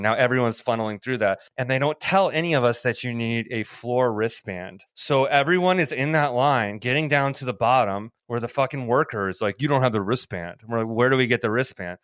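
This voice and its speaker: A man co-hosting a podcast, telling an animated, rambling story in casual chat, swearing freely. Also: medium pitch, dry recording, clean studio sound. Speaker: podcast co-host.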